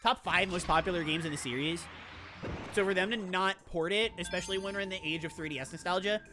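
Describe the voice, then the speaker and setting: A woman's voice: fairly low pitch, fast, noisy background. A woman streaming a video game, chatting casually and rambling in a self-mocking way as she reacts to chat. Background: game music.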